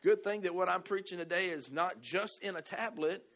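A man preaching in a slightly higher voice than most men. He drifts between soft, chatty asides to the congregation and loud, stretched-out, emphatic lines, tossing in "right?" and "amen" as he goes. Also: moderate pace. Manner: conversational, peppered with "right?" and "amen". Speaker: pastor. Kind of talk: sermon.

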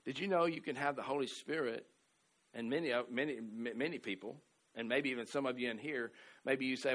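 A middle-aged man from the American South preaching a sermon, telling a story with many restarts and repeated words, swinging from loud exclamations to soft asides. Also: medium pitch, a little fast. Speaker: pastor.

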